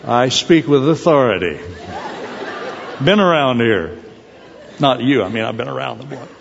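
Animated preacher in an echoey hall. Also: male voice, mid-range voice, unhurried, vocal fry, a faint crowd, a little hiss or hum. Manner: animated, digressive, joking asides. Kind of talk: sermon. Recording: dull sound with long hall reverb.

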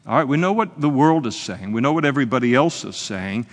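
A man delivers a sermon in an earnest, talk-like manner and often stops with small hesitations. His voice sits at an ordinary male pitch. A long reverb trails after it, as in a large hall. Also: quick pace, few pauses. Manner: earnest, conversational preaching with frequent "uh" hesitations. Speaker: pastor. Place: church service, evening.

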